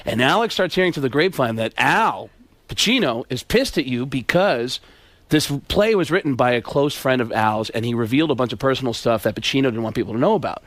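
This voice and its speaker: A male comedian and impressionist telling stories as a guest on a radio talk show, animated and jokey. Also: mid-range voice, a little fast, dry recording.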